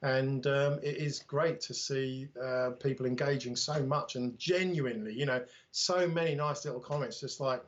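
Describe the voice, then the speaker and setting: A man's voice: medium pitch, moderate pace, hardly any pauses, muffled recording. A man with a British accent chatting casually as a livestream guest, telling self-deprecating anecdotes about his drone channel.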